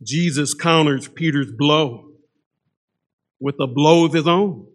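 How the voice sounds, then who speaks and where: Slow, high-voiced male preacher. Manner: emphatic, swings between loud stress and low hushed lines. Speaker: pastor. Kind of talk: sermon.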